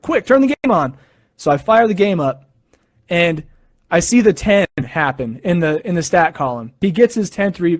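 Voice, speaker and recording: A man hosting a sports podcast, giving casual opinions in an excitable, animated storytelling manner. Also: high voice, no room sound.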